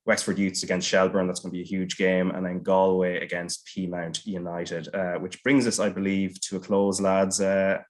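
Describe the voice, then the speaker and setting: Low, flat-voiced Irish podcast host. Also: male voice, moderate pace, hardly any pauses. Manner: easygoing, reads out fixtures. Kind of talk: hosting a sports podcast.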